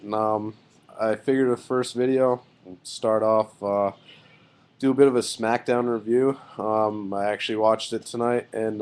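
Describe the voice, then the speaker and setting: A man's voice: fairly low pitch, a little mellow. A man giving a casual video review of a wrestling show, loose and rambling with many fillers and blunt, swearing opinions. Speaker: wrestling vlogger.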